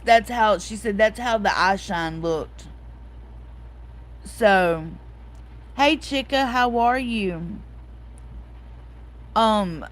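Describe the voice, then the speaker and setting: A woman's voice: mid-range voice, poor audio. A woman, hosting a casual livestream chat, telling a story and reading out viewer comments. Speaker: host.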